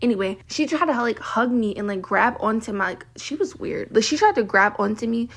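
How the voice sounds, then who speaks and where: Exasperated young woman ranting, creaky voice. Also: a little high, animated, brisk. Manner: exasperated, heavy use of "like". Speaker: vlogger. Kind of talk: casual ranting storytime.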